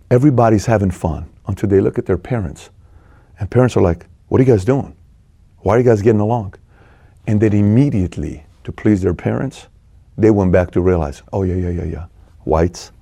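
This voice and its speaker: Animated man retelling a story. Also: no room sound, clean studio sound. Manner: energetic, acts out dialogue, swings between loud and low. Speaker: speaker retelling a film and business lessons.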